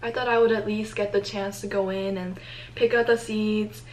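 A teenage girl talking to camera in a casual vlog, anxious and excitable, with many exclamations. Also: medium pitch, normal speed, slight background noise, rough recording. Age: teens. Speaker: vlogger. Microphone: compact camera mic.

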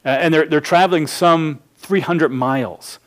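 A man's voice: a little high, normal speed. Man preaching a verse-by-verse sermon. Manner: explanatory, numbered points, frequent restarts. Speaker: pastor.

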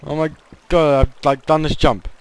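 A man's voice: on the high side, little pitch movement, moderate pace, smooth. A man giving casual gameplay commentary, often groaning and yelping in frustration. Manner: frustrated, yelps and groans at failed jumps. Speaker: gaming channel host.

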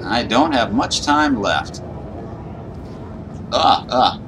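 A man's voice: mid-range voice, animated, drawn-out words, noisy background. A man giving nervous, panicky running commentary while playing a horror game. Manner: nervous, panicky self-talk. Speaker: gaming YouTuber.

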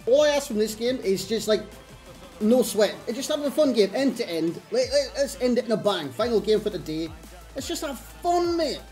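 A man's voice: high voice, lively intonation, fairly quick, darkish tone. Brief man in his thirties, gaming commentator, frustrated and sardonic, faint game music behind. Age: 30s. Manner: exasperated, self-mocking running rants. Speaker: gaming YouTuber. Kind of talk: live gameplay commentary.

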